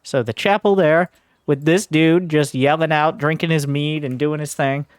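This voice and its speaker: A man's voice: on the high side, steady tone, moderate pace, clear, resonant tone, no echo. A man coaching as he reviews gameplay, blunt, sarcastic and profane. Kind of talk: game coaching commentary.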